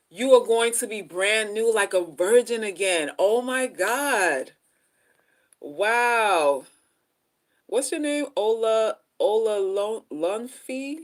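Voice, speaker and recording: A middle-aged woman chatting casually on a livestream from home, animated and slangy as she reads viewer comments aloud. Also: mid-range voice. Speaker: livestream host.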